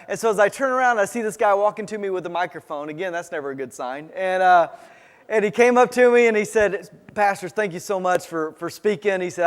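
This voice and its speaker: A male pastor preaching a sermon, telling a personal story in a halting way, full of restarts and fillers. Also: sits high, clear, resonant tone. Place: church sanctuary. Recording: church sanctuary with long reverb.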